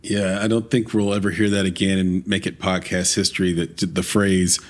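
A man's voice: low-pitched, little pitch movement, moderate pace. A man hosting a podcast, asking questions in a casual, chatty way and stumbling over his words now and then. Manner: chatty, laughs easily, stumbling restarts. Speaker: podcast host. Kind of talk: casual interview.

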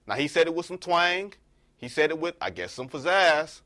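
A man co-hosting a sports talk show, telling stories in a casual, animated way and pushing his voice up for emphasis. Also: fairly high pitch, moderate pace. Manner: animated storyteller, rising to emphatic peaks.

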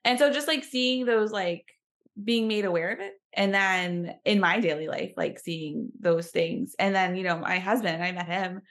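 A woman's voice: mid-range voice, moderate pace, fairly bright tone. A woman, chatting as a podcast guest and using lots of fillers. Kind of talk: casual chat.

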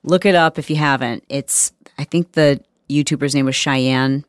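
Woman doing her podcast, low voice, frank and emphatic, dry close sound. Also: fairly even intonation, normal speed, no echo. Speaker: podcast host. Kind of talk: candid podcast monologue.

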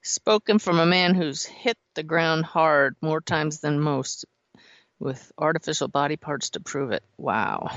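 A woman hosting an interview show, expressive and quick to laugh. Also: deep voice, vocal fry, no room sound. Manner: expressive, laughs often, warmly enthusiastic. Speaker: podcast host. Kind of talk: interview conversation. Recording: slightly dull, dry sound.

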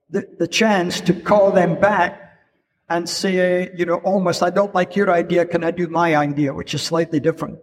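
An older man with a high voice, a keynote speaker and photographer, tells anecdotes on stage in an event hall. He's unhurried and storytelling, often dropping "you know" asides. The hall adds long reverb.

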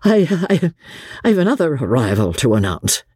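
A woman voicing a shy, devoted middle-aged officer who speaks haltingly and earnestly. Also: rumbling low, big pitch swings, warm tone, husky, no room sound, studio quality, exaggerated voice.

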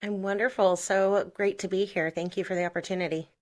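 A woman's voice: mid-range voice, steady tone, fairly quick, a little mellow. A woman from Kansas, a podcast guest, telling her personal story in an earnest, reflective way. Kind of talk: personal testimony interview.

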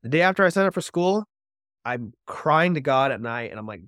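A man's voice: mid-range voice, animated, a little fast, fairly bright tone, no room sound, studio quality. A man guesting on a podcast, telling his personal recovery story in an earnest, heartfelt way, with many casual fillers.

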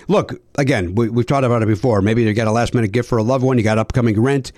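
A man's voice: mid-range voice, fast, hardly any pauses, a little mellow. A man hosting a comedy podcast, joking and rambling with lots of fillers and asides. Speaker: podcast host. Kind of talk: comedic podcast banter and read ads.

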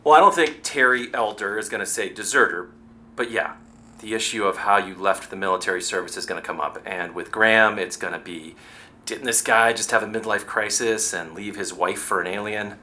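A slick political adviser coaches his clients with brisk persuasion. His low voice has a bright, forceful edge. This is an audio drama. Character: smooth political PR adviser man.

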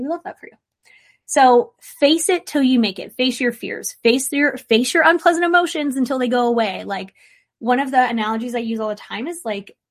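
A woman therapist hosts her podcast in a loose, chatty way. She is blunt and swears freely, and her voice sits a little high as she tosses off playful asides. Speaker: licensed therapist, podcast host. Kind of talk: casual podcast monologue.

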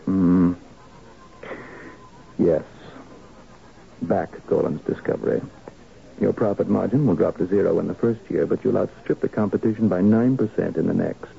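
A man playing a calm, measured business adviser in a 1970s radio drama, on a dull lo-fi broadcast recording. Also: low voice, vocal fry. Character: calm male business oracle.

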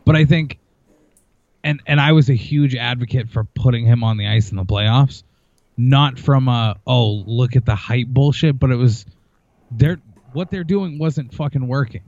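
A man's voice: mid-range voice, normal speed, darkish tone, no echo. Give me a profane, heated man in casual sports chat, recorded dry and a bit muffled. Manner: blunt, profane, heated ranting. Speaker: podcast co-host.

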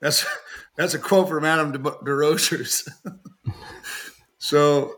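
A man with a bright, forceful voice, chatting casually on a podcast. He tells long joking stories, laughs often, and lifts his voice to act out the people he quotes. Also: on the high side, fairly even intonation, slow pace. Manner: acts out quoted people in raised voice. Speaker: knifemaker guest.

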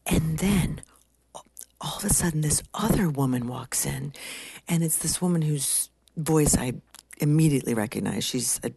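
Low, creaky woman telling a story. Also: animated, moderate pace, warm tone, no room sound. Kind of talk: comic storytelling monologue.

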